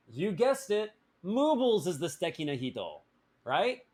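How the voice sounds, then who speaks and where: Guy teaching grammar on a livestream, kinda high voice, jokey, lots of ums and restarts. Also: big pitch swings, moderate pace. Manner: playful, joking, with many fillers and restarts. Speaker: language teacher. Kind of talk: live-streamed grammar lesson.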